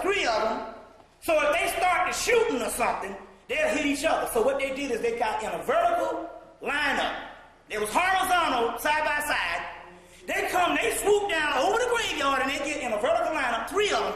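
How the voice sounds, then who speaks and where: Male lecturer, sharp bright tone, long hall reverb, loud profane storytelling. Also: very high voice, normal speed. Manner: animated, profane, bursts into shouting and laughter. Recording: echoey hall recording.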